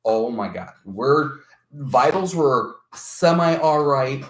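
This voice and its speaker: Animated man telling EMT stories. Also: mid-range voice, slow pace. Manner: animated storytelling, swearing, quoting others. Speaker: former EMT guest. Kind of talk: casual podcast chat. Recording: echoey room.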